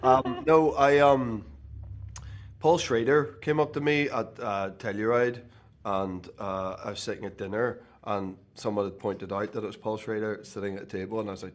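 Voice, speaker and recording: A man's voice: fairly low pitch, steady tone, moderate pace. A man with a Belfast accent, guest on a television interview, talking in a casual, joking way and laughing often. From Northern Ireland. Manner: joking, laughing, self-deprecating. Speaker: actor guest.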